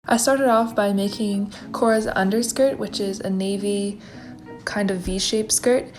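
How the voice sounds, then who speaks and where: A woman's voice: mid-range voice, steady tone, a little slow, darkish tone, soft background music. A young woman narrating her sewing project in a chatty, upbeat way, with giggly asides. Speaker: sewing vlogger. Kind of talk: casual sewing vlog narration.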